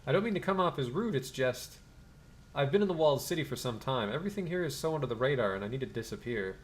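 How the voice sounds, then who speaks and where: A man's voice: mid-range voice, animated, quick pace, natural voice. A man voicing a wary shaman on the run, earnest and pleading.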